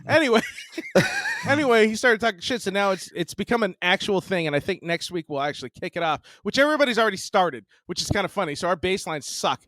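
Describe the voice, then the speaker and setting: A man's voice: sits high, quick pace, no room sound. A man around forty telling a story as a podcast co-host, swearing freely and often breaking into laughter. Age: 40s. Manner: profane, animated, laughs often. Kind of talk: casual storytelling chat.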